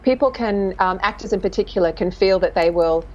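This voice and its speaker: A woman dialect coach in a casual interview, talking thoughtfully and often pausing to search for words. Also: medium pitch, darkish tone, lo-fi sound.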